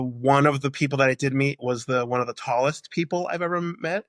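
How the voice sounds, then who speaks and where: A man working in hotel customer service, a podcast guest telling animated stories and laughing often. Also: medium pitch, no room sound, clean studio sound. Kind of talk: casual storytelling.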